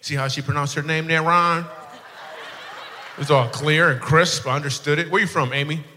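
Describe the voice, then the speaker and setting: On stage with a handheld mic, a male comedian teases audience members playfully and laughs at his own jokes. His voice is on the high side, quick, bright and forceful with fairly even intonation, set against long hall reverb and faint room noise.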